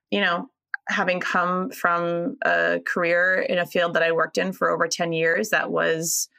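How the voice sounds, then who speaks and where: Middle-aged woman, casual chat, gravelly, bright, earnest, reflective. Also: lowish voice. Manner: reflective, earnest, wry teasing. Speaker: co-host.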